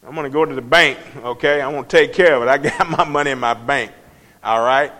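Man, informal Bible teacher, conversational, animated, mid-range voice, asks the listeners questions. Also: medium pitch, quick pace.

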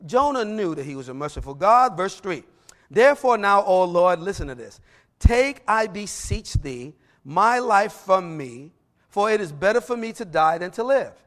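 Male preacher, middle-aged, high-pitched voice, slow scripture reading mixed with animated storytelling. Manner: reads scripture slowly, then tells stories in a lively way. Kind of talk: sermon.

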